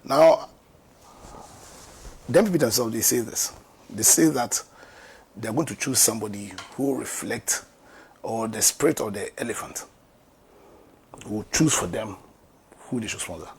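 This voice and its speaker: Gravelly Ghanaian man, political commentary, emphatic rhetorical questions, low hiss behind. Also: moderate pace, long pauses. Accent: Ghanaian English.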